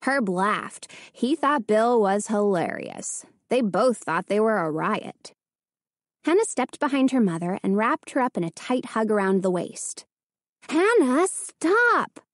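A woman narrating a children's storybook in an expressive storytelling manner. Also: medium pitch, a little slow, dry recording, clean studio sound. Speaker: audiobook narrator. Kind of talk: scripted narration.

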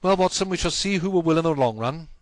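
A man's voice: fairly high pitch, animated, fast talker, dry recording, pitched above the performer's own voice, natural voice. A man voicing a brilliant, intense Victorian male detective, speaking in a raised, emphatic, declamatory way. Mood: determined.

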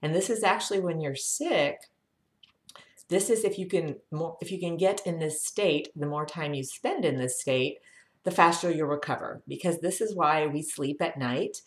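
A woman with a low voice leads a health lesson, walking viewers through breathing exercises. She guides calmly and counts each breath aloud. Her voice rings in an echoey room. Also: moderate pace. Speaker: health educator.

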